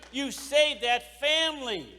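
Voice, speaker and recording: A man's voice: very high-pitched, animated, takes it slowly, sharp tone, a little hiss or hum. A man giving an impassioned motivational speech at a sales convention, driving points home by repeating phrases. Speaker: keynote speaker at a sales convention. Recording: echoey hall reverb.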